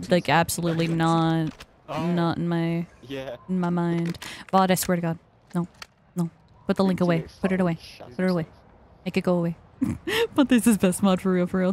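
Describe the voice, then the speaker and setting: A young woman streaming a shooter game, chatting casually with viewers, excitable and swearing often. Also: lowish voice. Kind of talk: casual gaming stream chat. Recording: noisy background hiss.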